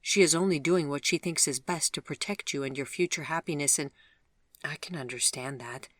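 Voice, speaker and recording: A lonely, regretful man speaks gently and earnestly, as the audiobook narrator voices him. The tone is bright and forward. The recording is dry and close. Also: on the high side, moderate pace, no echo. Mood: gentle, earnest. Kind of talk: audiobook dialogue.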